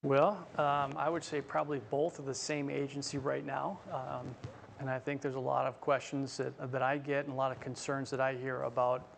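A man, a state official being interviewed on a talk show, answering in a measured, hesitant way with many fillers. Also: medium pitch, little pitch movement, creaky, slight background noise. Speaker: state auditor, guest.

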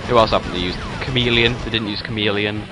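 Over a video game walkthrough, a young man gives chatty, rambling commentary, often correcting himself mid-sentence. He talks fast in a fairly low, steady voice, with game music and gunfire sounds behind him.

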